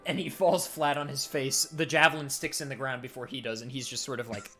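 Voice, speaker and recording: A man's voice: mid-range voice, fairly even intonation, a little fast, loud music behind the voice. A man narrating as game master of a tabletop game, casual and descriptive with many fillers.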